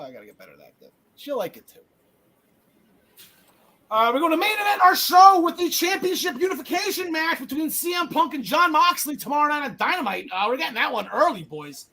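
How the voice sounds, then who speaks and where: Male podcast host, high-pitched, rambling, quick to joke and self-correct. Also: pushed and bright, low-quality recording. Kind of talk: casual wrestling podcast chat.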